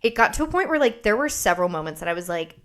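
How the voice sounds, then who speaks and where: Woman podcaster, casual storytelling, sarcastic, swears freely, lively delivery, mid-pitched voice. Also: racing. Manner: animated, profane, sarcastic storytelling. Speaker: podcast host.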